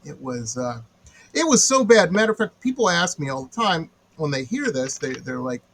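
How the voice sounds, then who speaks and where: A male radio host from Detroit with a lively, swooping delivery and a slightly high voice. He chats casually with his guests and leans into sarcastic exaggeration when he tells stories. A faint hiss sits under his voice. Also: moderate pace, poor audio. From Metro Detroit. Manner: animated storyteller, sarcastic exaggeration. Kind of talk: casual interview chat.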